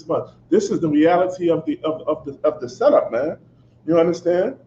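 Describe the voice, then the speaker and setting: A man's voice: fairly high pitch, animated, brisk, dark tone. Fiery preacher man, echoey lo-fi recording. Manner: repeats "you understand?" after nearly every phrase; fiery and profane. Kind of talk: confrontational sermon. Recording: echoey, dull lo-fi recording with faint background noise.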